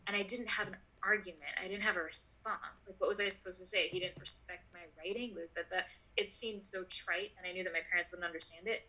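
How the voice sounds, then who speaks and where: A woman in her twenties telling a personal story in an interview, animated and full of "like", acting out the voices of people in her story. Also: on the low side, fast, hardly any pauses, rough recording. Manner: animated, acts out voices in quotes; filler-heavy, frequent "like". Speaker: guest.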